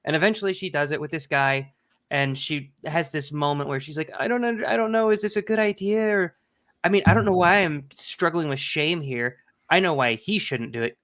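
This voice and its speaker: A man's voice: fairly high pitch, brisk, sharp tone. A man co-hosting a casual podcast chat, telling crude stories about his wife with frequent laughs. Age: adult. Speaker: podcast co-host.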